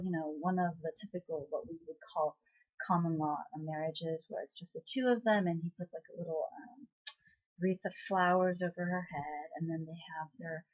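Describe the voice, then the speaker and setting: A woman's voice: mid-range voice, muffled recording. A woman vlogger casually retelling a drama episode, chatty and laughing, with many "um"s and "right?"s. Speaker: recap vlogger.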